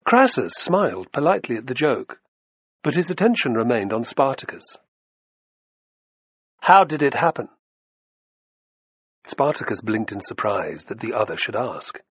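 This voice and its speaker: A man narrating an audiobook with a dramatic, expressive reading. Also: medium pitch, normal speed, breathy edge, no echo. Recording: dull lo-fi dry recording.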